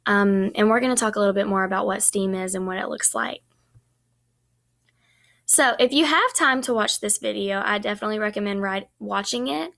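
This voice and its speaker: Young woman with a gravelly edge. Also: mid-range voice, a little fast, fairly bright tone. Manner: chatty, many ums. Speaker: student teacher presenting. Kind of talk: recorded class presentation.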